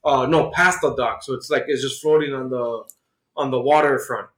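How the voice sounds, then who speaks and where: A man's voice: mid-range voice, steady tone, normal speed, a bit bright, roomy sound, poor audio. A man co-hosting a podcast, retelling a comic book story in casual chat full of "like" and "uh". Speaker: podcast co-host.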